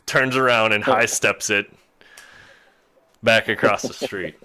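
A man telling a story in casual chat, animated and laughing often as he goes. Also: lowish voice, takes it slowly.

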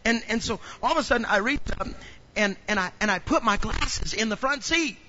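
A pastor man preaching with a strikingly high, lively voice that leaps up and down. The tone is very bright and sharp, and he tells his stories with humor before pushing into loud preaching. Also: a little fast, dull audio. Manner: humorous storytelling, acts out little scenes. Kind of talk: sermon.

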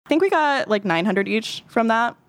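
A woman's voice: fairly high pitch, lively intonation, moderate pace, dry recording, clean studio sound. A woman guest in a casual interview, telling personal stories in a chatty way full of fillers, speaking indoors at home. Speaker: interview guest, former sex worker. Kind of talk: casual conversational storytelling. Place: indoors in a house.

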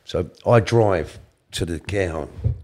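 Bloke, middle-aged, lowish voice, chatty and earnest, goes quiet then punchy. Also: male voice, slow. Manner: colloquial, earnest, swings between soft and emphatic. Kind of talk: personal storytelling.

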